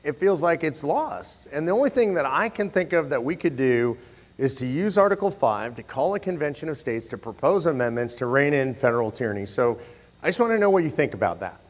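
A man telling a story to an audience in an animated, chatty way, often restarting his sentences. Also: on the high side, a little fast, in a large hall.

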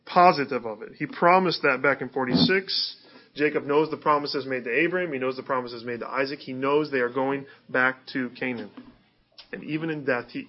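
A man's voice: medium pitch, highs cut off. A male pastor preaching a sermon in an easygoing, conversational way, with fillers and restarts.

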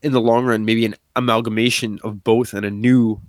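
Excited man talking fast and loose. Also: lowish voice, no room sound, studio quality. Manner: animated, excited, many fillers and acted-out quotes. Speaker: podcast co-host. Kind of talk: casual chat.

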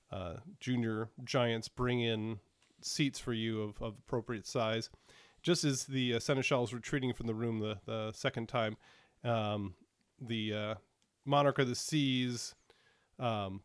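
A man's voice: medium pitch, clear, resonant tone, no room sound. Game master, man, casual hesitant narration, dry close sound. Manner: casual, hesitant, many fillers.

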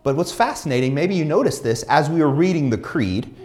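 A man's voice: a little high, expressive, brisk, a little mellow. A young man preaching a sermon as pastor, speaking conversationally and addressing the congregation directly.

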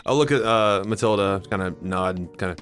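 A man's voice: lowish voice, fairly quick, a bit bright, soft background music. A man talking casually and hesitantly as a player in a tabletop game.

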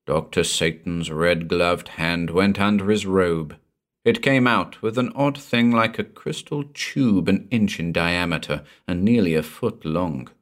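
A man narrating a pulp horror story in a measured, suspenseful audiobook reading. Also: low voice.

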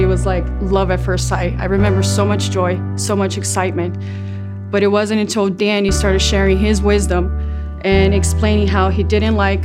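A woman giving a heartfelt spoken testimony in church, earnest and a little halting. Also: medium pitch. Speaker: congregation member giving a testimony. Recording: soft guitar playing behind her.

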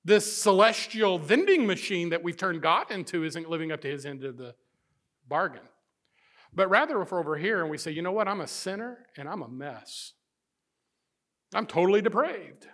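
A middle-aged man preaching a sermon as pastor, swinging between loud emphasis and hushed, intimate passages. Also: high-pitched, expressive, moderate pace, pauses often.

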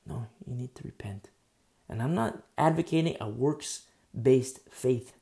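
A man's voice: medium pitch, measured pace, vocal fry, dark tone. A man preaching a conversational sermon, emphatic and full of rhetorical questions.

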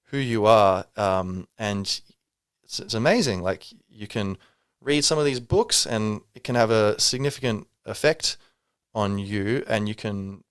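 A man's voice: lowish voice, a little slow, clean tone, no room sound, clean studio sound. A man hosting a solo podcast, talking reflectively and rambling, with many fillers and restarts. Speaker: podcast host.

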